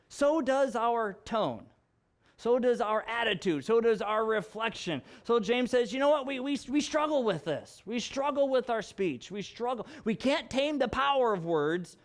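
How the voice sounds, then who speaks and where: A male pastor giving a casual Bible teaching, conversational and animated, often restarting and repeating words for emphasis. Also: sits high. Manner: animated and conversational, acts out examples; frequent restarts and emphatic repetition.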